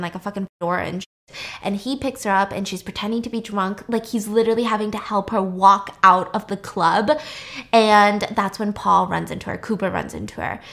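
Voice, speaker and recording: A woman podcast host recapping a film in a casual, animated way, swearing and acting out scenes. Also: mid-range voice, vocal fry.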